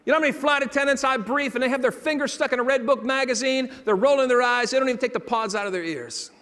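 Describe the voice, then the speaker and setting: A man giving a motivational keynote, telling stories and acting out dialogue, dropping to a hush and then rising loud. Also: very high-pitched, fast talker. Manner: dramatic shifts between hushed and loud, acting out dialogue. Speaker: motivational speaker. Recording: long hall reverb.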